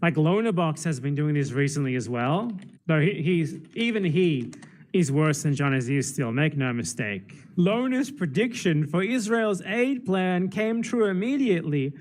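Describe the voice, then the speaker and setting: A man's voice: a little high, expressive, moderate pace. A man streaming political commentary and reacting to videos in a sarcastic, mocking manner.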